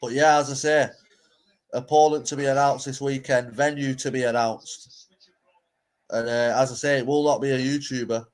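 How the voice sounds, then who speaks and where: A man's voice: mid-range voice, level tone, normal speed. Male streamer, casual reaction host, blunt and sweary. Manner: blunt, swearing, banter-heavy.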